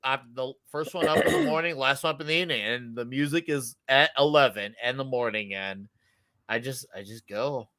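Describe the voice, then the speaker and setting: A grown man, a father, guest on a casual chat show, telling rowdy stories with loud acted-out quotes. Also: medium pitch, a little fast, no echo. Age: adult, a father.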